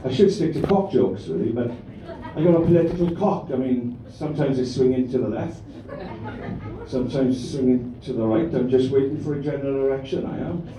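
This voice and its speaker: Rambling crude stand-up comedian, echoey club. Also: male voice, mid-range voice, brisk, background noise. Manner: rambling, crude, bantering with the crowd. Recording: echoey room, mic from a distance.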